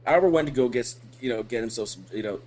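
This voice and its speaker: A man in casual podcast chat, swearing freely as he tells animated stories. His voice sits at an ordinary pitch. He talks loosely and keeps it profane. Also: fast talker. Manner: profane, animated storytelling with laughs. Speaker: podcast co-host.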